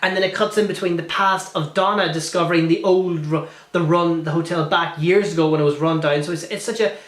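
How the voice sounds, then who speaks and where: Man in a film review vlog: gushing, rambling, a bit high-pitched, roomy echoey recording. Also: a bit bright. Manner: gushing, rambling with many restarts and fillers.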